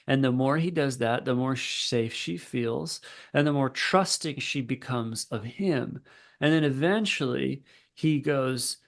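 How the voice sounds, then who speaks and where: A man, a therapist and podcast guest, telling a story in a relaxed conversational way with fillers. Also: mid-range voice, creaky. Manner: relaxed, lots of fillers and restarts.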